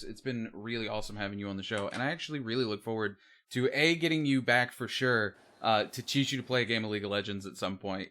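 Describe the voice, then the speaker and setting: A man's voice: lowish voice, sharp tone. A man hosting a livestream interview in a casual, friendly way, with lots of ums and uhs. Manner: casual, friendly, filler-heavy. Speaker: host.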